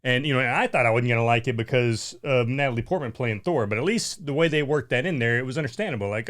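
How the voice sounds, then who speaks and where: A man's voice: medium pitch, quick pace, few pauses, fairly bright tone. A man co-hosting a casual chat, blunt and exasperated, often repeating himself and saying "man". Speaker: podcast co-host.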